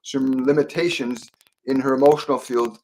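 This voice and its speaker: A man hosting a live-stream Q&A as a psychic medium, talking softly and meanderingly with many fillers and restarts. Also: medium pitch, steady tone, moderate pace, a little hiss or hum. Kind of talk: live-stream Q&A, relaying spirit messages.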